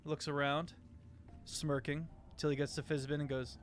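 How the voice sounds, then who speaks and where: A man's voice: on the high side, flat delivery, moderate pace, faint music behind. A man narrating as game master of a tabletop game, hesitant, with many fillers.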